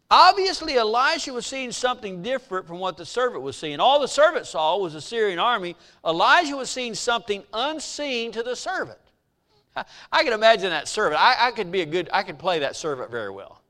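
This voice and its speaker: A man preaching a sermon, retelling scripture in an animated storytelling way and acting out its people. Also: high voice, brisk. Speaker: pastor.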